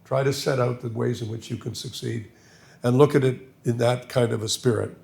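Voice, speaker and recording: A man's voice: mid-range voice, steady tone, normal speed, gravelly, a little mellow. An older man giving a public lecture, reflective and anecdotal, with self-deprecating humor. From Canada. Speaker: guest lecturer. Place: lecture hall. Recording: echoey lecture hall.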